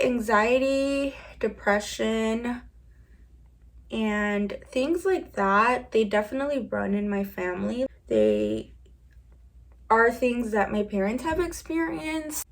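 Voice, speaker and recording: Young woman in a rambling candid chat. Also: medium pitch. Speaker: beauty vlogger. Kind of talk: casual chat while doing makeup.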